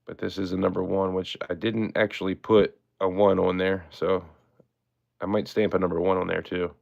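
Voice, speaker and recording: A man's voice: low-pitched, little pitch movement, normal speed, vocal fry, darkish tone, dull audio. A man hosting a live-stream auction, chatting in a laid-back way and thanking his viewers often.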